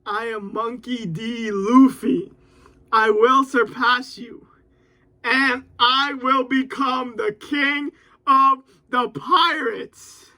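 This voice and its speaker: Defiant young pirate captain, loud and high-pitched, as a man puts him on. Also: fairly even intonation, very slow, full character voice, low-quality recording. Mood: proud. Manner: shouting, triumphant.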